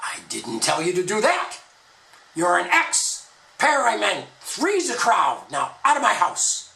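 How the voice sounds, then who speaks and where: Man doing a stern scolding god, slow, lively pitch, distant mic, faint hiss. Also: gravelly, echoey room, heavily acted. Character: stern, angry creator god.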